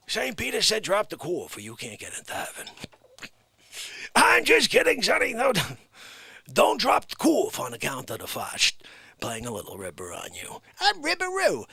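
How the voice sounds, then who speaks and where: A man putting on a brash wiseguy character talking on the phone, swinging between hushed whispers and loud outbursts. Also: sits high, creaky, husky, no room sound, voice pushed up, heavily acted.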